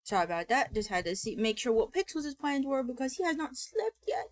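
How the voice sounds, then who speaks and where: Lively high-voiced woman streamer. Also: a little fast. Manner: bubbly, chatty, greets viewers by name. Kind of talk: casual live-stream chat.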